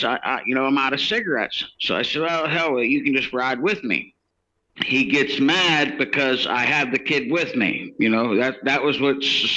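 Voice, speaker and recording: A man's voice: a little high, bright, forceful tone. Rambling man, lo-fi recording. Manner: rambling, many restarts and quoted dialogue. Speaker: interviewee telling his case. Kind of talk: casual storytelling.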